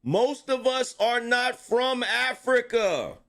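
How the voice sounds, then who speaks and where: Slow-talking animated man, high voice. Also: vocal fry. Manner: animated, slangy, laughs a lot. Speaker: host reacting to clips. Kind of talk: reaction commentary.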